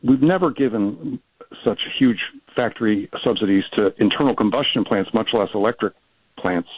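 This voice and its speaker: A man, a policy researcher, talking fast as a guest in a radio interview, with many restarts and fillers. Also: fairly low pitch, dry recording, muffled recording.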